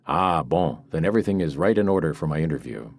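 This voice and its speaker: A man's voice: very deep voice, animated, fast talker, no room sound, studio quality, full character voice. A man reading an audiobook, voicing a drunk, swaying French filmmaker with a heavy French accent and an oblivious, tipsy manner. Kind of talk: audiobook character voice.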